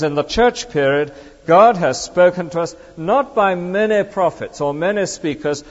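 A man preaching a sermon with emphatic, rhetorical questions to the congregation. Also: on the high side. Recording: dull lo-fi recording with long reverb.

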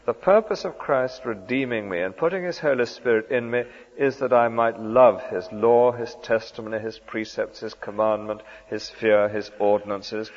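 A man preaching a sermon in an earnest, emphatic way, asking the listeners questions. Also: on the low side. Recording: dull sound with long hall reverb.

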